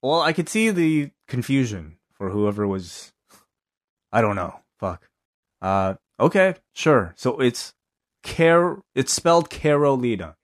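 A man's voice: mid-range voice, big pitch swings, unhurried. A man co-hosting a podcast in casual chat, offhand and hesitant, swearing now and then. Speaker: podcast co-host.

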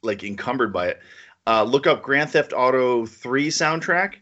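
Bright-voiced chatty man, lo-fi audio. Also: medium pitch, expressive, unhurried. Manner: chatty, enthusiastic, with lots of "like" and "you know". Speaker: podcast co-host. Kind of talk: casual chat.

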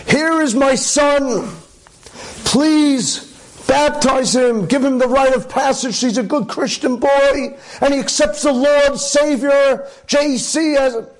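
A man voicing a pious Christian adoptive mother who pleads in a high, shrill and tearful voice. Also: slow, rough recording. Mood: pleading.

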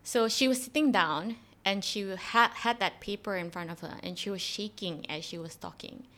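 A woman's voice: medium pitch, normal speed, a bit bright. A woman co-hosting a podcast, chatting casually and animatedly retelling a story with lots of fillers. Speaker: podcast co-host. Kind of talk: casual conversational explanation.

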